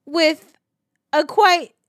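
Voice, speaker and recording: A woman's voice: very high voice, very slow, background noise. A young adult woman hosting a casual podcast chat, giggly and playful, joking around and laughing often. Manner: giggly, playful, jokes in silly put-on accents. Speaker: podcast host.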